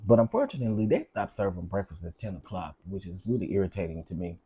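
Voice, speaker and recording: A man chats casually on his livestream, full of slang and playful asides. His husky, mellow voice swings up and down a lot, and his pitch sits on the low side. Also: quick pace. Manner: chatty, animated, Southern slang. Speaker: livestream host. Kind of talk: casual live-stream chat.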